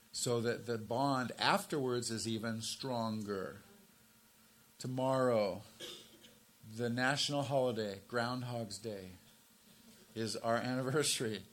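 A man in his sixties preaches as pastor with a middle-pitched voice. He punches key phrases loud and high, then drops to soft, low asides. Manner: emphatic, rises to forceful stresses then drops low and quiet. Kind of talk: sermon.

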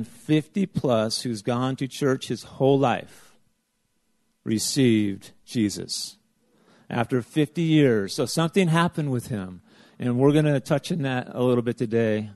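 A man's voice: mid-range voice, unhurried, darkish tone, no room sound. Male church leader, loose and rambling with fillers, dry close sound. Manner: rambling, filler-heavy, self-interrupting. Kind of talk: casual church announcements.

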